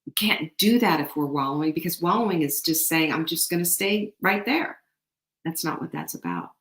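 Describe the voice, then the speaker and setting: Woman host, low-ish voice, fervent pep talk, roomy echo. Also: moderate pace. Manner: animated, emphatic, faith-inspired encouragement. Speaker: show host. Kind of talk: motivational talk. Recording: echoey room.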